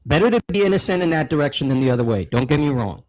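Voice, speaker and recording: A man's voice: fairly high pitch, expressive, racing, darkish tone, dry recording, rough recording. A man hosting a casual talk show, cutting in with incredulous clarifying questions. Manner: incredulous, interrupts to clarify and challenge. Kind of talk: casual podcast chat.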